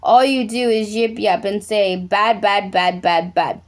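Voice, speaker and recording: A greedy factory owner snaps back in a lowered, defiant voice, as a woman reading aloud plays him. He sounds stubborn and heated, talking down to his listener. It is storybook reading for children. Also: steady tone, a little slow, lightly acted. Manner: defiant, yelling.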